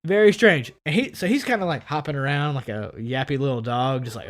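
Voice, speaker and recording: A man co-hosting a podcast, telling a story in casual chat and acting out the people in it. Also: brisk. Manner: animated, acts out quoted people with big pitch jumps. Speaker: podcast co-host.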